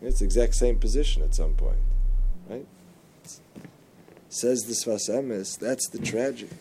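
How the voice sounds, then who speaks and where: A man giving a religious lesson, telling jokes and stories, with animated jumps in pitch on key words. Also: unhurried, a little hiss or hum. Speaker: Torah teacher.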